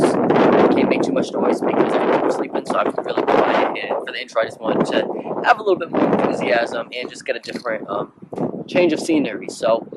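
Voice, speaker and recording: Fast-talking casual vlogger man. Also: medium pitch, very noisy. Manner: rambling, frequent fillers and restarts. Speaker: YouTube business vlogger. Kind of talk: casual tutorial chat.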